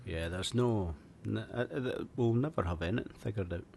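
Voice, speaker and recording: Deep-voiced man in casual chat. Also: normal speed, creaky, a little mellow, husky. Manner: swears freely, storytelling asides.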